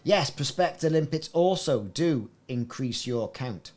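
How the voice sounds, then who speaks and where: A man's voice: mid-range voice, lively intonation, measured pace, darkish tone. A man giving chatty, rambling live-stream commentary while playing a game. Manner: chatty, rambling, self-interrupting. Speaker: gaming streamer.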